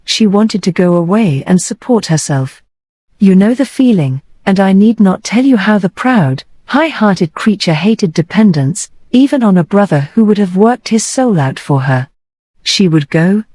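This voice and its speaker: A woman's voice: mid-range voice, expressive, unhurried, dark tone, no room sound. A woman voicing an earnest young man, a grieving brother, in an audiobook, speaking with urgent emotion.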